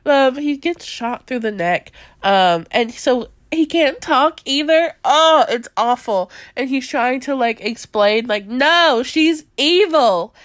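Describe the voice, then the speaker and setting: A young woman chats about movies on her podcast, her voice sitting a little high. She talks in an animated, rambling way, full of fillers and quick laughs. The sound is dry and close, with no room around it. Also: dry recording. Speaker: podcast host. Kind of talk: casual chat reviewing movies.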